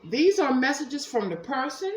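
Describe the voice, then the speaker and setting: A woman giving a casual tarot reading at home, chatty and animated, talking straight to her viewers. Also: high voice, normal speed, noisy background. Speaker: tarot reader. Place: room at home. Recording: echoey room.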